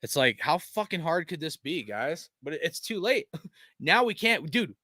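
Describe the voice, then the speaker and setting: A man's voice: on the high side, very animated, moderate pace, bright, forceful tone, dry recording, studio quality. A man hosting a fan stream, venting in a frustrated, profane rant full of fillers while reading chat, tired after a long day. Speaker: fan channel host.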